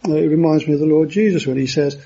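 Guy giving a sermon, husky mellow voice, kinda stop-start, muffled lo-fi recording. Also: fairly high pitch. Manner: halting, with many fillers and restarts. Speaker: preacher.

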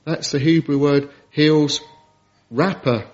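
A man's voice: on the high side, unhurried, highs cut off. A man preaching an evening sermon, earnest and emphatic, piling up lists and quoting scripture.

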